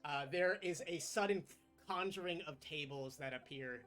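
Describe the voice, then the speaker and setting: A man narrating as game master of a tabletop game in a relaxed, chatty way. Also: a little high, normal speed, faint music behind.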